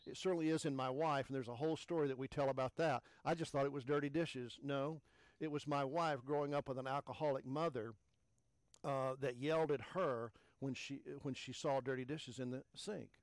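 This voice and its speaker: A man preaching a sermon as pastor. He talks emphatically, repeats key phrases and swings from loud to hushed. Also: medium pitch, fairly even intonation, a little fast, no room sound.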